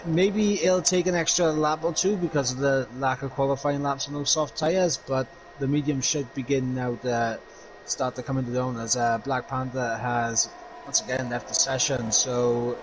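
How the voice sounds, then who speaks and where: A man giving measured, analytical co-commentary on an online racing league. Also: medium pitch, slight background noise, low-quality recording.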